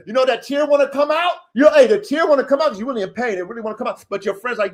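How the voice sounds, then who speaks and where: High-voiced man preaching on a podcast. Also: rapid-fire, hardly any pauses. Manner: profane, preachy, swings from low mutters to shouts. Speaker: podcast host. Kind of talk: motivational podcast monologue.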